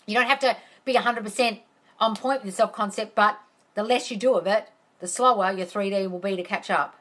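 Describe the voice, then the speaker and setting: On a live stream, a manifestation coach with a medium-pitched, a bit bright voice replies fairly quickly to viewer comments. She's blunt, profane and exasperated, ranting while calling her audience darling.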